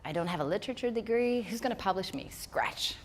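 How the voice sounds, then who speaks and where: A woman who is not a native English speaker, giving a lively storytelling motivational talk to a live audience. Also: mid-range voice, fast talker, a little hiss or hum. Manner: animated storytelling, acting out her own inner voice. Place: event hall before a live audience.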